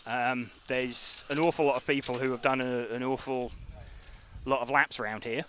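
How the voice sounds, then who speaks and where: A man gives live race commentary with a bright, forceful tone. He talks in a relaxed, hesitant way full of ums and uhs, mixing race updates with easy chat beside a co-host. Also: mid-range voice, normal speed, a little hiss or hum.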